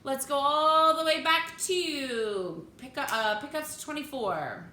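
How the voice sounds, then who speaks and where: Brief: unhurried female choir teacher, slightly high voice, patient diction coaching, roomy echo with piano. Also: sharp tone. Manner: counts in and sings phrases for the class to copy. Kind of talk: vocal lesson with sung demonstrations.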